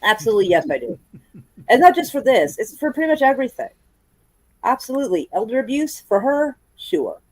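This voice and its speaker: A woman's voice: on the high side, sing-song, brisk, no room sound, low-quality recording. A woman hosting a livestream at home, chatting casually, swearing and laughing a lot. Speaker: livestream host. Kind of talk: casual chat. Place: indoors at home.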